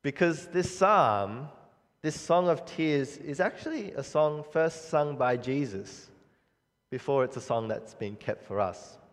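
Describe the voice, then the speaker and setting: A man delivers a sermon in an earnest, measured voice, stopping now and then to restart a phrase. His voice has a mid-range pitch. It carries a long reverb tail, as if spoken in a church hall. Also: lively intonation. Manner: earnest, measured preaching with frequent pauses and restarts. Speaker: preacher.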